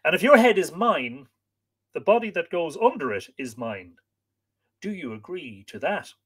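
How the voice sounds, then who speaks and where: A man's voice: a little high, big pitch swings, normal speed, a bit bright, breathy edge, pitched above the performer's own voice, exaggerated voice. A man voicing a fierce, proud fairy woman of the Sidhe, cold and scornful.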